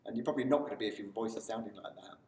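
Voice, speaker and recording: His voice sits on the low side and he races along, giving an energetic motivational talk to camera as part of a video series. Excitement mounts throughout, captured in roomy, far-off audio.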